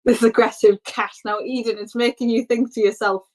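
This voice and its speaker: Brief: woman game master, a touch high-voiced, chatty, giggles through her narration. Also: level tone, a little fast, poor audio. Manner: chatty, laughs often while narrating.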